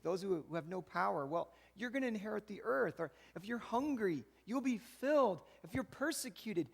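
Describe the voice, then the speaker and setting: A man's voice: high-pitched, gravelly, husky. A man giving a sermon as pastor, talking in a casual, conversational way and often checking in with the congregation. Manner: conversational preaching with frequent "right?" asides. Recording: echoey church hall.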